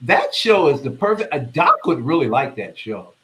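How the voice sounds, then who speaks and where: A man chatting as a guest, expressive and quick to restart his sentences. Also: on the high side, very noisy. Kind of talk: casual chat.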